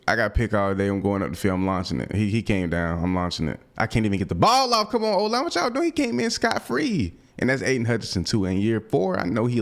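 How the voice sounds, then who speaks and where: Excited young man narrating gameplay. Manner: excited, slangy, talks fast to viewers with pitch jumps when reacting. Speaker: gaming YouTuber. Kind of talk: live gameplay commentary.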